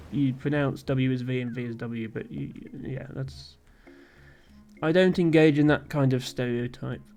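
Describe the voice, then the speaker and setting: A man's voice: mid-range voice, a little mellow. Man thinking aloud while gaming. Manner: thinking aloud, frequent ums and chuckles. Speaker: streamer. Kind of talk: live game stream commentary.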